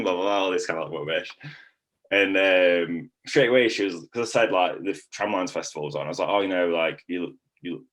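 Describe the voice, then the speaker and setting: Young man, low pitch, casual testimonial, rambling, lots of "like". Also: fairly bright tone. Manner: rambling, heavy use of "like" fillers. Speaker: coaching client.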